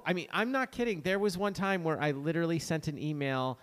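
A man's voice: on the high side, animated, quick pace, few pauses, big-room sound. A man co-hosting a podcast in casual, joking chat. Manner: chatty, joking, wry. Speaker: podcast co-host.

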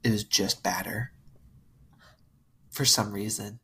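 A woman's voice: extremely low pitch, steady tone, takes it slowly, bright, forceful tone, husky. A woman co-hosting a podcast, chatting casually and telling family stories, acting out relatives' lines. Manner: storytelling, quoting family in put-on voices. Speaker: podcast co-host. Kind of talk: casual chat.

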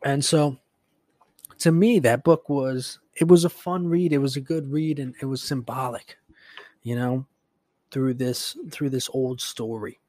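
A man's voice: mid-range voice, fairly even intonation, unhurried, warm tone, no echo. A man hosting a podcast, retelling a book in a casual, rambling way with lots of swearing and filler words. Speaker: podcast host.

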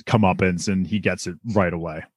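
Low-voiced man chatting casually. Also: fairly even intonation, brisk, husky, no echo, clean studio sound. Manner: enthusiastic commentary with casual swearing. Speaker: podcast co-host. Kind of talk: casual chat.

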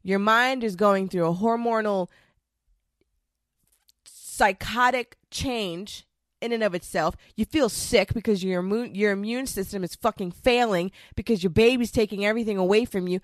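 A young woman vlogging, ranting bluntly and profanely in a casual, animated way. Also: medium pitch, moderate pace, no room sound, clean studio sound. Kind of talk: casual rant to camera.

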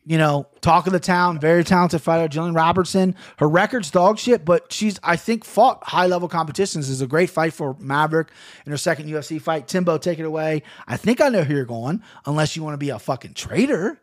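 Ohio-accented male podcast host, slightly high voice, rambling and profane. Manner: rambling, profane, quick to laugh. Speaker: podcast host picking fights. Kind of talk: casual betting chat.

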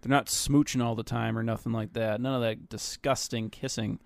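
A man's voice: mid-range voice, steady tone, moderate pace, vocal fry, dry recording. Fields: Sex: man. Role: podcast co-host. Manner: rambling, profane. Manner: rambling, swears freely, laughs easily. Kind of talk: casual chat.

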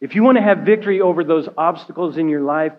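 Male pastor with a highish voice, chatty sermon style, keeps asking right? okay?, a bit muffled and lo-fi. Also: fast talker. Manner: conversational preaching, often checking in with "right?" and "okay?". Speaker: care pastor. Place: church sanctuary.

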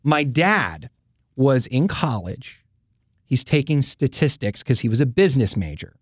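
A man's voice: mid-range voice, unhurried, husky, no echo, clean studio sound. A man co-hosting a casual chat, telling stories and acting out the people in them. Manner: animated, acts out quoted voices. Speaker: co-host.

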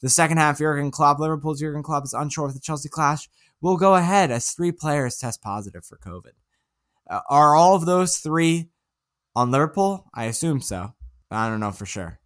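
A man's voice: on the high side, expressive, normal speed, fairly bright tone. A man co-hosting a casual sports podcast, who goes through his picks and ribs his co-host in a dry, teasing way.

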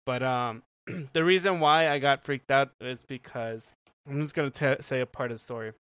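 A man's voice: mid-range voice, moderate pace, fairly bright tone, smooth, no room sound. A young man telling a story on a casual podcast chat, rambling with lots of "like" fillers and frequent laughs. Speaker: podcast co-host.

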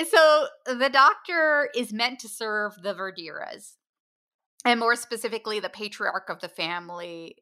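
A woman co-hosting a book podcast talks through a novel she loved, in unhurried, easygoing chat. Her delivery is slow and measured, and her voice is bright and forward. She pokes fun at her own pronunciation now and then. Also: medium pitch. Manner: unhurried, self-deprecating about pronunciation. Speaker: podcast co-host. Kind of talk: casual book-review chat.

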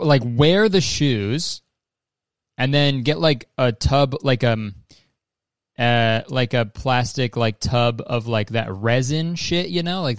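A man's voice: mid-range voice, no room sound, clean studio sound. A man hosting a podcast in casual, rambling chat, swearing freely and laughing often. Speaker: podcast host.

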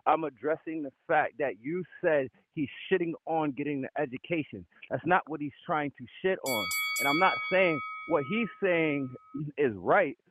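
Co-hosting a boxing podcast, a man argues insistently in a slightly high voice at a moderate pace, cursing constantly and cutting off every rebuttal. The heated, profane debate comes through with phone-quality sound.

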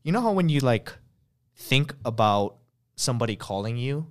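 A man hosting a podcast in easygoing, rambling chat. His voice sits at a middling pitch, and he strings his thoughts together with a steady stream of "like" fillers. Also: moderate pace. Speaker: podcast host. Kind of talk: casual chat.

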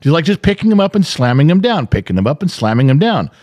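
Profane, animated middle-aged man. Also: a little high, quick pace. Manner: profane, exasperated, acts out quotes. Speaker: podcast co-host. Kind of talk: casual storytelling chat.

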